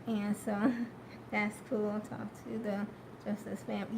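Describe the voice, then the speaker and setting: A woman chatting casually on a live stream, slow and hesitant with many fillers, upbeat and encouraging. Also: medium pitch, little pitch movement, vocal fry, a little hiss or hum.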